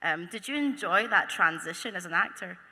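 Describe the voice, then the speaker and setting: Scottish female panel host, bubbly and teasing, bright and forceful, big-hall reverb. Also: lowish voice, lively intonation, fairly quick. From Scotland. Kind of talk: convention panel moderating. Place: large convention auditorium. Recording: long hall reverb, faint noise.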